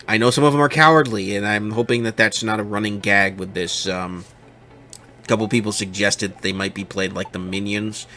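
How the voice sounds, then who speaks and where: Opinionated man ranting on a commentary show. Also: on the low side. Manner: opinionated, animated rants with mocking quoted voices.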